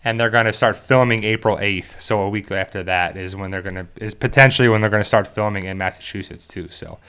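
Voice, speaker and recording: A man's voice: on the low side, fairly even intonation, quick pace, sharp tone, clear, resonant tone. A man from South Jersey in the US hosts a casual fan discussion, rambling with many fillers and restarts and talking straight to his viewers. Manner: addresses viewers directly. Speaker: YouTube show host.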